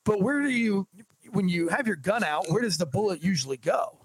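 A man who is a police officer, telling a story on a podcast in a casual, animated and joking way. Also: high voice, fairly quick, breathy edge, no echo. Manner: animated, jokey storyteller, acts out dialogue.

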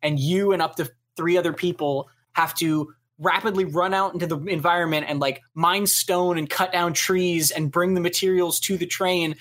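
A man's voice: sits high, steady tone, normal speed, hardly any pauses, a bit bright. A man co-hosting a casual game podcast, talking in loose, filler-heavy rambles. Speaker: podcast co-host. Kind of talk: casual chat.

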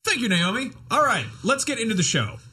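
A man's voice: very high voice, big pitch swings, brisk, a crowd in the background. A man hosting a gaming podcast, upbeat and joking in casual chat. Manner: jokey, upbeat. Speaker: host.

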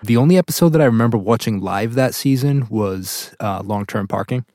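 A man's voice: medium pitch, brisk, no room sound, clean studio sound. A man as a guest on a podcast, good-humored, telling stories in casual chat. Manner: good-humored, animated storyteller.

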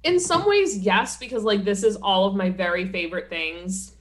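A woman's voice: medium pitch, normal speed. A woman co-hosting a podcast, chatting casually with a wry, self-deprecating manner. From Pennsylvania, US. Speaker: podcast co-host. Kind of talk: casual chat.

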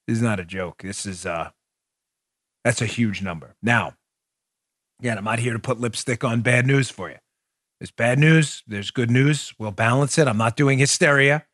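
A man's voice: medium pitch, normal speed, a bit bright, no echo, clean studio sound. A man hosting a political podcast, talking emphatically and building to heated, repetitive points. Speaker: podcast host. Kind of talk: political commentary.

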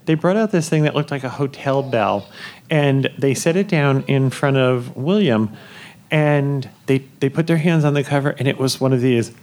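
A man's voice: mid-range voice, normal speed, darkish tone, a little hiss or hum. A man hosting a live podcast in a theater on a cruise ship, chatting and laughing as he tells the audience a story. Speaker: podcast host.

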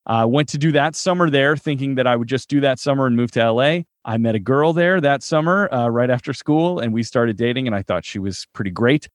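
A man in his thirties from the Chicago suburbs, an actor telling stories as a guest in a casual interview, animated and laughing now and then. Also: mid-range voice, a little fast, few pauses, no echo. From Chicago suburbs, US Midwest. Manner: animated storyteller, laughs while talking.

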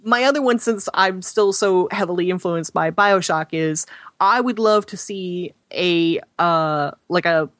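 A woman's voice: lowish voice, unhurried, a bit bright, dry recording, studio quality. A woman co-hosting a gaming podcast, enthusiastic and a bit rambling, with lots of "like" and "you know.". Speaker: podcast co-host. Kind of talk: casual podcast chat.

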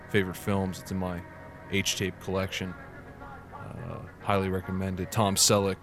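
A man's voice: deep voice, a bit bright. A man hosting a comedy storytelling show, swearing and rambling as he corrects himself. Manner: profane, rambling, self-correcting. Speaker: host of a storytelling podcast sketch. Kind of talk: comedic improvised monologue.

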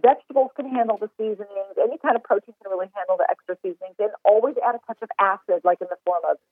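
This chef and recipe developer talks at a racing clip in her mid-range voice, heard dry with no room sound through a tinny phone connection. Chatting casually on a podcast, she eagerly hands out cooking advice in long, run-on stretches.

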